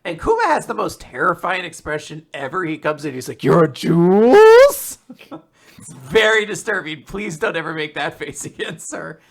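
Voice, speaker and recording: A man with a fairly high, bright, forward voice chats casually as a podcast host. He acts out the characters' quotes with big leaps in pitch and laughs easily throughout. His delivery is loose and playful. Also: lively intonation, brisk, gravelly, breathy edge. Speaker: podcast host recapping manga. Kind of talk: casual recap chat.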